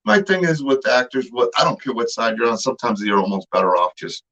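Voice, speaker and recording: A man's voice: medium pitch, quick pace, fairly bright tone. A male host in a casual interview chat, easygoing and agreeable, often restarting his sentences. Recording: dull lo-fi sound.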